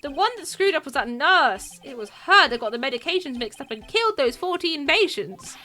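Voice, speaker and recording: A woman's voice: sits high, very animated, fairly quick, bright, forceful tone, soft background music, exaggerated voice. A woman voicing an arrogant middle-aged male surgeon who rants in a pompous, self-important way. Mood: ranting.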